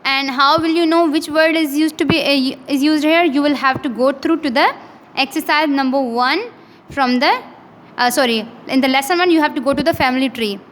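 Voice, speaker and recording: High-voiced Pakistani woman teaching English. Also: fairly bright tone, in a large hall. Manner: slow, repeats each word in careful drills, patient and instructive. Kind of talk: online classroom lecture.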